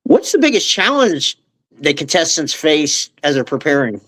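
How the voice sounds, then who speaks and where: A man's voice: a little high, big pitch swings, normal speed, a bit bright. A man hosts an interview and puts his questions plainly. He is friendly, keeps his replies brief and laughs along with his guest. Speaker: podcast host, interviewer.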